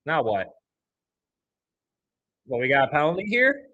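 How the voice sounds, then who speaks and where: A young man hosting a fan livestream, calling the game play by play, partisan and quick to swing from flat calls into loud outbursts at the refs. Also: a little high. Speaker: livestream host.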